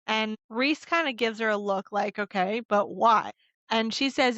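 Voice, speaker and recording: A woman's voice: on the high side, a little slow, pushed and bright, no echo, muffled recording. A woman hosting a podcast, recapping a book chapter in casual chat and musing aloud with open questions. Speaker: podcast host.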